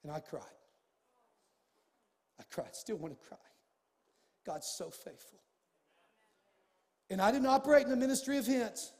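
A high-pitched male pastor delivers a storytelling sermon, dropping to near-whispers and then rising to shouts. His voice rings out with a long reverb, as in a large church hall. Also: measured pace, pauses often. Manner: animated, swings from hushed to shouting.

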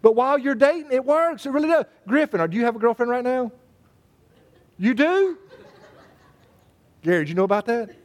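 A man's voice: very high-pitched, animated, fairly quick, pauses often. A man, preaching a sermon in a folksy, joking way and calling on members of his congregation by name. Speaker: pastor.

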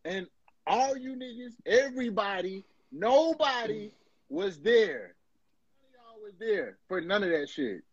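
A man's voice: sits high, lively intonation, measured pace, slightly rough, no echo. A man co-hosting a casual podcast chat, slangy and emphatic. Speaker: podcast co-host. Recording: dull dry lo-fi recording.

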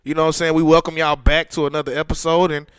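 A man's voice: on the high side, flat delivery, racing, fairly bright tone, clean tone, no room sound, studio quality. A man co-hosting a podcast, joking around in loose, profane banter. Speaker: podcast co-host. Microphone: podcast microphone.

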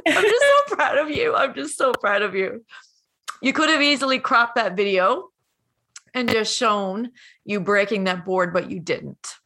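Brief: woman coach, bright forceful voice, encouraging and emotional, near tears. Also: mid-range voice. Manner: warm, encouraging, tearful at times. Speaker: coach and host. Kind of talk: emotional conversation.

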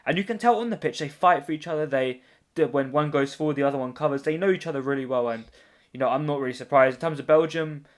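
A man's voice: fairly high pitch, fast. A man hosting a casual football podcast, joking and rambling as he leads the chat. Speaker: podcast host.

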